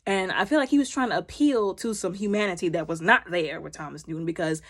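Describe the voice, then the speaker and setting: A young woman recapping a TV episode in a casual vlog, retelling scenes with lots of "he was like" and quick voice shifts for each character. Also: lowish voice. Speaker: show recapper.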